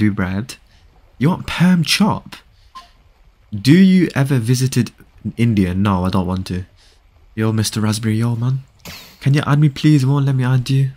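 Lively excitable male game streamer. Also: fairly low pitch. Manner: excitable, repeats phrases, reads chat aloud. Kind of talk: casual live-stream chat with viewers.

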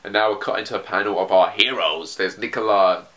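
A man's voice: fairly low pitch, a little fast, sharp tone. A man casually commenting on a manga chapter as he reads, rambling and swearing, with frequent restarts. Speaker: manga reaction video host.

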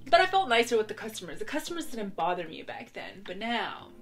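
A woman's voice: medium pitch, very animated, fast talker. Giggly young woman ranting casually. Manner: laughs often, exaggerated mock retorts. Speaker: vlogger. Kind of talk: casual chatty rant to camera. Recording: soft background music.

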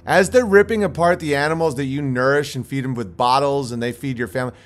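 A man's voice: medium pitch, quick pace. A man hosting a casual livestream from outdoors on his farm at night, rambling, swearing and laughing as he jokes in a mock-spooked way. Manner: profane, joking, mock-spooked, laughs often. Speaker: livestream host.

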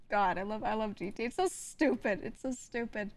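A woman's voice: a little high, big pitch swings, normal speed, pushed and bright. A young woman streaming from home, chatting casually to her viewers and laughing often between sentences. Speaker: VTuber streamer. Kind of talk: casual stream chat, reacting to clips.

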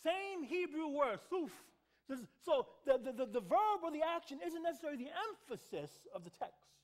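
A male pastor delivers a sermon in a church sanctuary. His voice sits very high and moves a lot, rising and falling. He keeps asking the congregation to answer back and doubles up his words for emphasis. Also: big pitch swings, moderate pace. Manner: call-and-response with the congregation, repeats words for emphasis.

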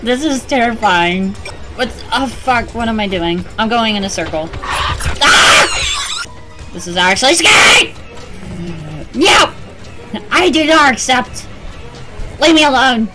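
Fairly high-pitched and animated yet slow, with long pauses, a woman commentates her horror playthrough as a let's play, panicking, screaming, and swearing heavily. Loud game music plays behind the low-quality recording.

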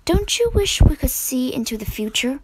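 A woman voicing a lively, playful teenage boy in a storybook reading. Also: sits high, moderate pace, husky, full character voice. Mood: cheerful.

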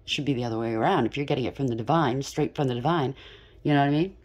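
A woman's voice: extremely low pitch, racing, a little mellow, breathy edge. A woman giving a casual tarot reading at home, emphatic and stream-of-thought, often checking in with "okay?". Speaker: tarot reader. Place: home room with incense burner.

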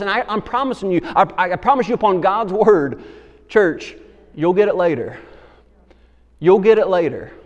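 High-voiced preacher in a reverberant church. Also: male voice. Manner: storytelling preacher, rising to emphatic exhortation, with frequent fillers and restarts. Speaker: pastor. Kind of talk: sermon. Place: church sanctuary. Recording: long hall reverb.

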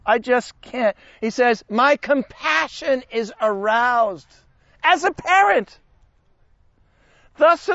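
A man teaching a Bible study class in an animated, conversational way, joking with his listeners. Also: sits high, no echo, dull audio.

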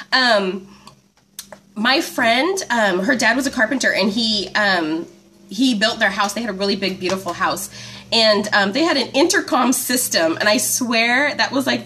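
Woman host of a live homeschool stream, high and lively voice, chatty and giggly, phone mic at home. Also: slight background noise. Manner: chatty and bubbly, laughs often, reads out viewer comments. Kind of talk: casual live-stream chat. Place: at home, indoors.

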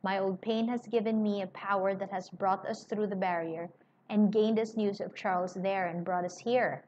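A woman's voice: mid-range voice, steady tone, moderate pace, darkish tone, close to an everyday voice. A woman voicing a confident elderly male doctor who speaks with cool assurance. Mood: assured. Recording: slightly muffled with faint hiss.

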